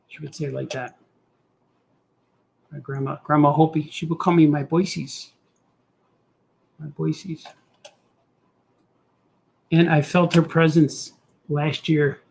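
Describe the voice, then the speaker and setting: A man's voice: fairly high pitch, level tone, slow pace, creaky, pauses often, breathy edge. A middle-aged man chatting casually and goofily to himself while he draws, hosting a live show. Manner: goofy, talks to himself, does silly voices. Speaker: cartoonist host drawing on stream. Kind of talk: rambling casual chat while drawing.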